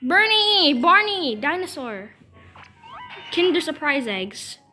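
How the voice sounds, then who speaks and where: A woman's voice: high voice, very animated, slow pace, over music. A young teenage girl commentating her game pulls at home, squealing, pleading and groaning at each result. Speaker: gaming video creator. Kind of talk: excited gacha-pull commentary.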